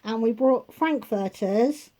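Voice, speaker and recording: A woman's voice: fairly high pitch, takes it slowly, dark tone. A woman vlogging a grocery haul from her kitchen at home, talking casually and rambling into chatty asides.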